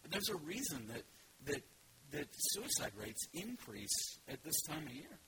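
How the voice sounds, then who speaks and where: A male pastor delivers a sermon in a loose, conversational way, often restarting his sentences and dropping in asides. His voice sits a little higher than most men's. Loud background noise runs under the recording. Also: very animated, measured pace.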